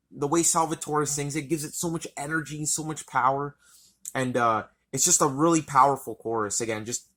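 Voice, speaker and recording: A man's voice: a little high, fairly bright tone. A man reviewing an album in a casual, rambling, enthusiastic way, swearing often.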